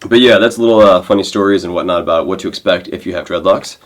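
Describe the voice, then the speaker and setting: A young man vlogs casually to camera in a low, fast voice, rambling through stories in an animated way, full of fillers and restarts.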